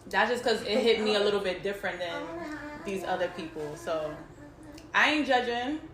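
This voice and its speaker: A woman's voice: medium pitch, lively intonation, moderate pace, crowd noise. A young woman co-hosting a podcast, talking in a casual, candid way, swearing freely and laughing often. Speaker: podcast co-host. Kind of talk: casual chat. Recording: roomy echo with faint noise.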